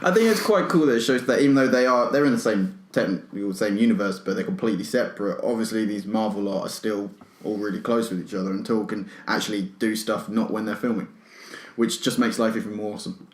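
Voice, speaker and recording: A man's voice: lowish voice, fast. A man chatting casually as a podcast co-host, often laughing. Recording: echoey room.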